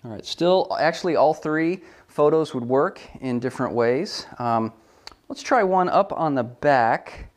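A man with a fairly high voice walks through a hands-on product photography tutorial at a measured pace. He's relaxed and thinks aloud, going step by step with frequent ums and correcting himself along the way.

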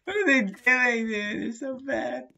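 Unhurried and creaky at a medium pitch, this let's-play creator reacts excitably in slang, shouting at fellow players during casual commentary. The high frequencies are cut off in the recording.

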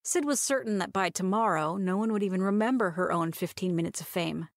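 A woman's voice: on the low side, fairly quick, vocal fry, no echo. Woman narrating a romance story, dry sound. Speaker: audiobook reader.

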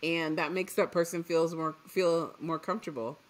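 A woman from Trinidad co-hosting a podcast in casual chat, animated and laughing often. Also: low voice, moderate pace. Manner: animated, laughs often, trails off mid-thought. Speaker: podcast co-host.

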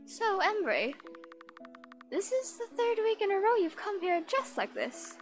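A woman doing a doting country townswoman from a video game, her voice pitched high and swooping all over in a chatty, sing-song American country accent. Game music plays along behind her. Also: sing-song, measured pace, exaggerated voice. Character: friendly folksy female townswoman.

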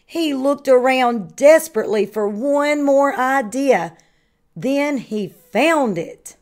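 A woman kindergarten teacher reading a picture book aloud to children with slow, expressive storytelling. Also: sits high. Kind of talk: children's read-aloud narration.

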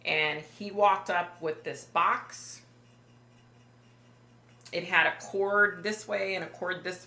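A woman with a low, bright-edged voice tells a story to her camera in a halting, emotional way, stumbling over fillers. She sounds like a psychic vlogger speaking casually to her viewers. The room is roomy, with a faint hum behind her. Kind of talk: personal vlog storytelling.

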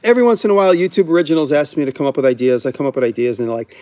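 A man with a slightly high, slightly mellow voice talks at a racing clip, barely pausing. He's hosting a casual livestream, fielding viewer questions in a candid, rambling way and often cutting himself off mid-thought.

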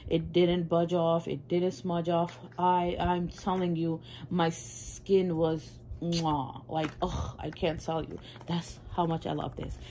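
A woman beauty vlogger chatting casually through a makeup haul, gushing and excitable. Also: lowish voice, measured pace, few pauses, a little hiss or hum.

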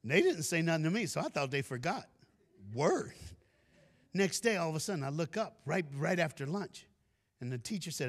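A man giving a storytelling sermon as a guest speaker, animated and folksy, talking straight to the crowd. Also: a little high, brisk. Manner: animated, addresses the crowd directly, folksy talk. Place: large church hall. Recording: long hall reverb.

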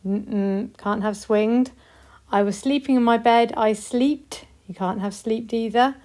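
British woman, primary teacher, patient and encouraging, models sentences slowly. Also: a little high, fairly even intonation, darkish tone. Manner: slow, clear, encouraging, models example sentences. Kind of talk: recorded classroom lesson for young children.

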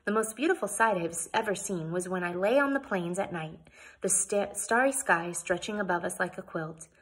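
A woman reading aloud and voicing a genteel, cheerful pioneer lady who speaks formally and politely, with a breathy voice. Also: fairly low pitch, normal speed. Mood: wistful.

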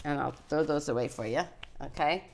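A woman's voice: low voice, a little fast, creaky, a little hiss or hum. Chatty grandmotherly woman host. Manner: chatty, encouraging, reads out viewer greetings; frequent fillers and restarts. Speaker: host of a children's cooking show. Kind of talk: live online cooking show chat.

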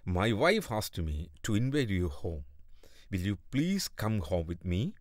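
A man's voice: lowish voice, sing-song, a little slow, no room sound, studio quality. A man voicing a male crocodile who lures his monkey friend to get his heart, in a storybook reading. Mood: worried, scheming. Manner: blustery, chuckling. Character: treacherous male crocodile, torn then scheming.

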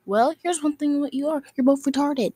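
A woman's voice: high voice, normal speed, dark tone, no room sound. A woman delivering an angry, scolding rant at other video makers, insulting them and circling back to the same phrases. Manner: scolding, insulting, repeats itself.

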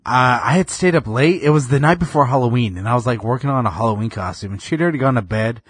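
A man in his thirties with a husky voice, recorded close and dry. He tells stories in a laid-back podcast chat, full of fillers, his voice often drifting quiet. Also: mid-range voice, fast talker, no room sound. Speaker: podcast co-host. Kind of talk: casual chat.

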